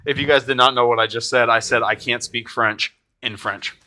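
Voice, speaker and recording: A man streaming live, chatting with viewers by name and breaking into excited swearing. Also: mid-range voice, moderate pace. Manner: excitable, swears and shouts in bursts; talks to chat viewers by name. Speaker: streamer opening card packs.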